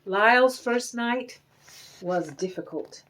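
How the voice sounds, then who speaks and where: A woman reading a children's picture book aloud with expressive, animated storytelling. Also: a little high, slow, slight background noise.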